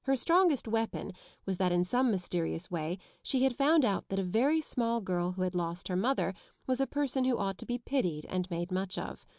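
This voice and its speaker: A woman narrating a classic children's novel in a measured storytelling voice. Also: mid-range voice, animated, darkish tone, no room sound, clean studio sound. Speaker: audiobook narrator. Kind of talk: scripted narration.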